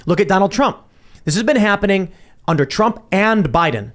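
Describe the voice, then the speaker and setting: High-pitched animated man. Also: moderate pace. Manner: emphatic, indignant. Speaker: podcast host. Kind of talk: political panel discussion.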